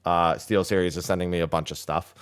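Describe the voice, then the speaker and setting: A man hosting a casual podcast over an online call, talking in quick, exasperated banter about tech trouble. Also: low voice, fairly even intonation, clean tone. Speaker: podcast host. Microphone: desk microphone on a call.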